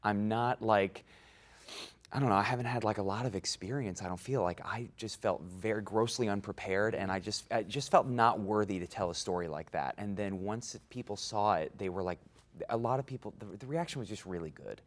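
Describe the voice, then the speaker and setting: A man in his twenties, an actor being interviewed, talking in a casual, animated way and laughing through his stories. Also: lowish voice, fairly quick. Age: 20s. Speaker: guest actor.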